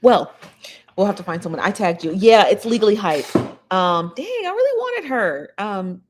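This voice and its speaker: A woman's voice: on the low side, moderate pace, noisy background. Chatty woman hosting a casual livestream. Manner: rambling, chatty, talks straight to viewers. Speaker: show host.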